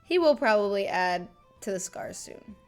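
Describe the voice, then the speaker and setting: A woman's voice: medium pitch, expressive, normal speed, smooth, faint music behind. A woman in her thirties chatting casually and fondly on a home livestream, bubbly and talkative. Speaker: streamer.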